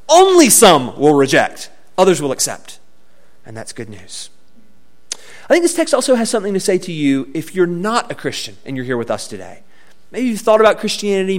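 A man preaching a sermon in a fairly high voice. His delivery is expressive and very lively, rising and falling as he speaks. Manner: expressive preaching with wide swings in pitch and volume. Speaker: pastor.

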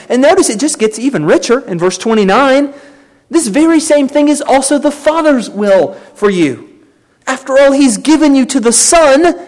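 A man preaching a sermon, emphatic and exhorting his listeners directly. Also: high-pitched. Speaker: pastor.

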